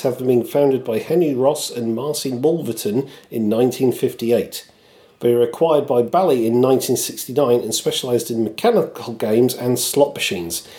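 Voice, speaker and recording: A man's voice: medium pitch, darkish tone. A man co-hosting a podcast, chatting casually and quoting lines in put-on voices. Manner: quotes lines in put-on voices, chuckles at himself. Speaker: podcast co-host. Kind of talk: casual chat and scripted segment.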